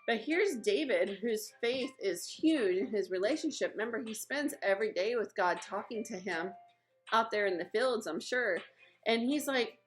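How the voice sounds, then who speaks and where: A young woman teaching children in a lively, chatty way, retelling a Bible story and acting out the characters' lines. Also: on the high side, moderate pace, faint music behind, low-quality recording. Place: at home.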